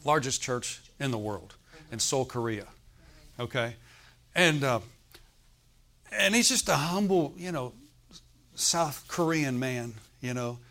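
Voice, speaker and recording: A man delivering a sermon with an easy, joking, conversational delivery and frequent laughter. His voice is mid-pitched, and he builds up to loud calls to his listeners. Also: animated, slow, long pauses. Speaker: preacher.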